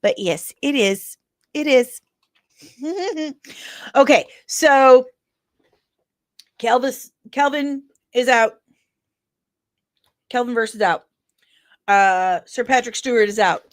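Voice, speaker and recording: Woman host, forties, Midwestern American accent, animated rant, slightly high voice, dry close sound. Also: takes it slowly, pauses often, no room sound. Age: 40s. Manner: animated, ranting, jokey. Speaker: pop culture news host. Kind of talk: casual chat reacting to chat.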